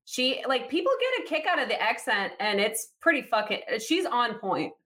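A woman from Massachusetts hosting a casual sports podcast, chatty and quick to laugh, filling her talk with "like". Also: fairly high pitch, big pitch swings, a bit bright. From Massachusetts, USA. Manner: laughs often, chatty with many likes. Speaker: podcast host.

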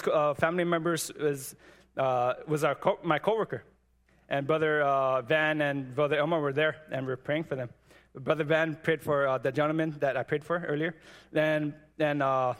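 A man preaching and sharing a testimony, talking in a halting way with many restarts and repeated words, and earnestly urging his listeners on. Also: fairly high pitch, fairly bright tone. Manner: earnest and exhortative. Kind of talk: sermon with personal testimony. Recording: long reverb, as in a hall.

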